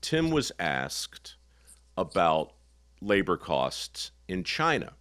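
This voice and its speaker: A man's voice: deep voice, wildly swooping pitch, takes it slowly, a bit bright, clear, resonant tone, dry recording, clean studio sound. A man in his sixties hosting a podcast interview, folksy and teasing, telling stories with emphasis. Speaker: podcast host. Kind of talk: casual conversational interview.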